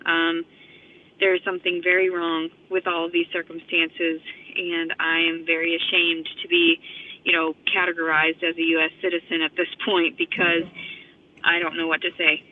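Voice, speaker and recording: Speaking to camera, a woman vlogger delivers a profane, rambling monologue in a lowish voice with a completely flat delivery at moderate pace. She sounds slightly out of breath, and her phone camera gives the audio a thin, phone-line quality.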